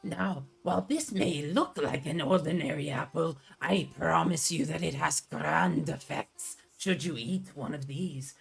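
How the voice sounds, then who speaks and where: A man's voice: fairly high pitch, unhurried, gravelly, hardly any pauses, breathy edge, heavily acted. A man voicing a small, pushy male goblin fruit vendor with a scratchy, eager sales patter. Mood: persuasive.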